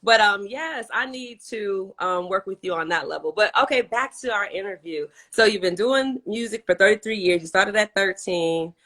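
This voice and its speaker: A woman hosting a casual online interview over a video call, animated and chatty, laughing often. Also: mid-range voice, normal speed, hardly any pauses. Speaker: host.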